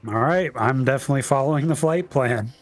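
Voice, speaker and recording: A man playing in a tabletop game, joking and bantering quickly with the game master. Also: medium pitch, soft background music. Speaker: player. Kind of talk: casual game chat.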